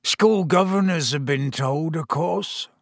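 A man voicing a huge, gruff gamekeeper who is drunk and miserable, speaking thickly and slowly. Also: sits high, sing-song, no room sound, studio quality, pitched above the performer's own voice, full character voice. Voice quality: growling, thick-voiced.

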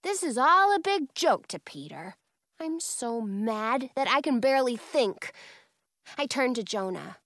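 A woman narrates a first-person children's storybook and brings every character to life. Her voice is high and lively, and she reads slowly. The sound is close and dry. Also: no room sound. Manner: expressive, playing every character.

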